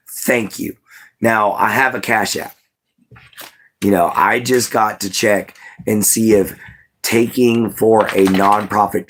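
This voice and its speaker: A man hosting a casual livestream, chatting straight to his viewers in a laid-back way with plenty of "you know"s. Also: fairly low pitch. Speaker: livestream host.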